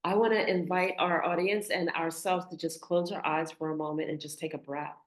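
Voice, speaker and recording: A woman's voice: fairly low pitch, fairly even intonation, brisk. A woman hosting a spiritual podcast, speaking in an earnest, affirming and meditative way. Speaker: podcast host. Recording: echoey room.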